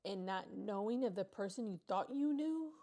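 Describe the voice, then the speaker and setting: A woman's voice: medium pitch, lively intonation, moderate pace, dark tone. A woman hosting a gossip commentary channel, talking candidly and explaining her own take on events. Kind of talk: casual commentary.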